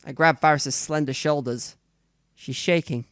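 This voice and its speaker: A woman narrates a let's play of a visual novel, reading the lines aloud and joking with casual swearing. She's lively and laughs at herself, her low voice unhurried, with no room sound.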